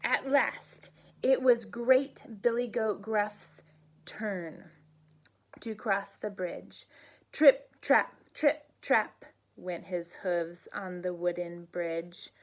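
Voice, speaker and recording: Slow, gentle woman reading a bedtime story. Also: mid-range voice, steady tone. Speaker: teacher reading bedtime stories. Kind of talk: storybook read-aloud.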